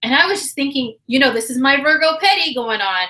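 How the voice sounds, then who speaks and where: A woman hosting a livestream chat, telling a story in a casual, animated, slangy way and acting out quotes, her voice slightly hoarse. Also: high-pitched, fairly quick, low-quality recording. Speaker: livestream astrology host.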